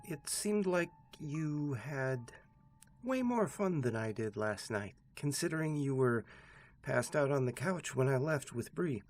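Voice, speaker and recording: A man's voice: mid-range voice, animated, a little slow, pitched above the performer's own voice. A man voicing a frightened young woman leaving voicemails, stammering and pleading. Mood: sleepy, affectionate.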